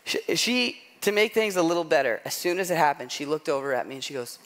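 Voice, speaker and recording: A man's voice: on the high side, expressive, fast, a bit bright. A middle-aged man preaching a sermon, telling a self-deprecating story in a loose conversational way, often asking "right?". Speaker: pastor.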